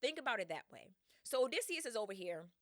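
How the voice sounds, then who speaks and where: A woman hosting a podcast, retelling a story in a slangy, laughing, animated way. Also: fairly high pitch, fast talker, no room sound, clean studio sound. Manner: slangy, laughing, acts out voices in quotes. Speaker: podcast host.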